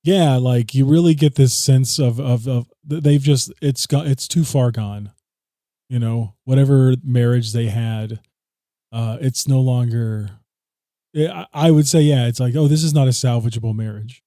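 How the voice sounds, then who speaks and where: A man's voice: mid-range voice, unhurried, dark tone, dry recording, clean studio sound. A man co-hosting a casual film review podcast, talking loosely, swearing freely and laughing often. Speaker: podcast co-host.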